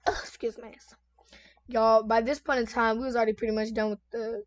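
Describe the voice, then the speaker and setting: A woman's voice: a little high, flat delivery, brisk, highs cut off, a little hiss or hum. A woman casually reading and reacting to online stories, chatty and full of asides to her viewers, on a desk microphone at home. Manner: chatty, talks straight to viewers with many asides. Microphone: desk microphone at lowered sensitivity.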